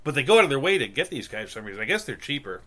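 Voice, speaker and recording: A man in his thirties co-hosting a podcast in casual chat, rambling with halting restarts and deadpan jokes. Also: mid-range voice, crowd noise. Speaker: podcast co-host.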